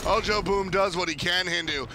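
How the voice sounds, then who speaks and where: Gravelly high-voiced esports caster man. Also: moderate pace, over music. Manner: jokey, energetic play-by-play. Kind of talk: live play-by-play commentary.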